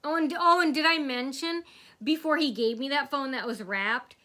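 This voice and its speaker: A young woman talks straight to camera and rambles through a story, stopping often to act out what others said. Her voice is bright and fairly high. She keeps circling back with fillers and restarts. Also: normal speed. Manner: rambling, acts out quotes in a loud shouting voice. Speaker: vlogger. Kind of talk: casual storytelling monologue.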